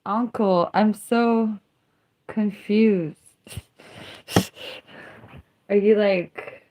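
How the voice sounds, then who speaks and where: Slow, drawling sardonic young woman streamer. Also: mid-range voice, steady tone, dull audio. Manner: slow, drawling and sardonic, mixing jokes with confessions. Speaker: livestream host. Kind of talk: casual livestream chat.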